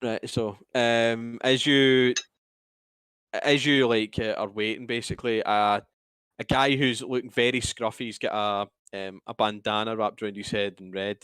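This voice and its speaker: A man narrating a tabletop game as game master, halting and swearing freely. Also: fairly low pitch, flat delivery, a bit bright, clear, resonant tone, dry recording, rough recording.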